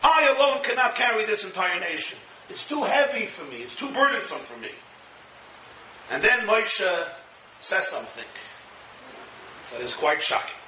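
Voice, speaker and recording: Man, rabbi, high bright voice, lively Torah lecture, echoey room. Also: moderate pace, pauses often, a little hiss or hum. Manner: animated, acts out quotes, chuckles at own jokes. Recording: echoey room, distant mic, dull sound.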